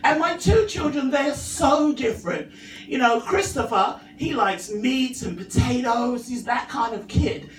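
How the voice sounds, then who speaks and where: A middle-aged woman with a London accent, high-voiced, doing a dry, self-mocking stand-up set. She is picked up from a distance in an echoey room, with a faint hum behind her. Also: expressive, measured pace, soft background music. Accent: London English. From England. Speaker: stand-up comedian. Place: open mic venue.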